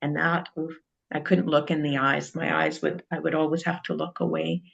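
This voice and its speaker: Reflective chat, frequent restarts, gravelly, dull recording. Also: mid-range voice, flat delivery, normal speed, a bit bright. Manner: reflective, trails off and restarts often. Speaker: group member sharing experience. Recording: dull lo-fi sound.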